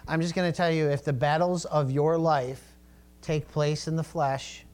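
A man's voice: a little high, fairly even intonation, moderate pace, a little mellow. A middle-aged male pastor preaching a sermon in a conversational, storytelling way, with asides to the congregation.

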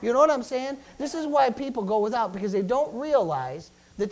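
A man's voice: very high voice, animated, fairly quick, hardly any pauses, darkish tone, low-quality recording. A middle-aged man preaching a sermon as pastor, stumbling into restarts, calling out Amen, and building to emphatic peaks.

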